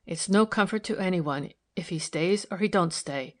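A proud, loyal old housemaid with a blunt tongue and plain servant's speech, fiercely protective of her mistress , as a woman reading the book puts her on. Her voice sits low and even in an audiobook. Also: normal speed, lightly acted. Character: stout loyal older housemaid, proud, resentful.

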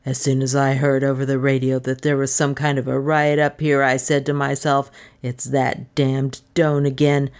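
A low, blustering man, angry and accusing, slowing his words to drive home each threat, as a woman reader puts him on. Deep and heavy, with no brightness in it. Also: little pitch movement.

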